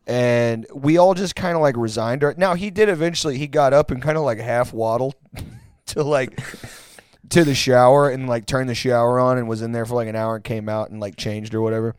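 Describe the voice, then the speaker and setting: A man's voice: mid-range voice, fairly quick, clear, resonant tone, no echo. A man from Houston, Texas telling a crude story in a casual, rambling way, full of filler words.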